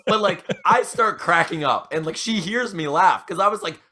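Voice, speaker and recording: A man's voice: sits high, animated, moderate pace, sharp tone. A man co-hosting a casual podcast, telling long rambling stories packed with fillers. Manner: rambling storyteller, heavy fillers like "like" and "you know". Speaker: podcast co-host. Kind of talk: casual chat.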